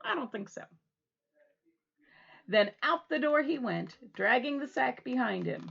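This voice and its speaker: A woman reading a children's storytime from her home, playful and animated with the kids. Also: fairly high pitch, measured pace, vocal fry, long pauses, slightly rough, lo-fi sound. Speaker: library storytime reader.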